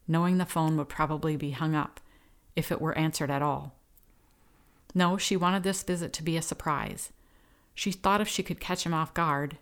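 Low-voiced woman reading a novel. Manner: steady, measured reading. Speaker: audiobook narrator. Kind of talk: scripted narration.

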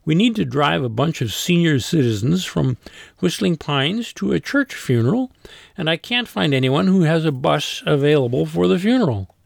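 Audiobook: man doing a snappy, sarcastic woman, raised pitch, blunt delivery. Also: animated, normal speed, gravelly, no echo, studio quality. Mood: persuasive. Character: sarcastic blunt woman, nursing home coworker. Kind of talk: audiobook character voice.

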